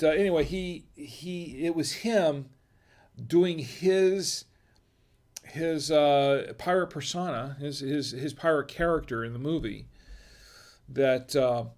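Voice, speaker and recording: The host of a wine review show, a middle-aged man, chats on his livestream in a voice on the high side and a little mellow. He talks casually and digressively, chuckling often.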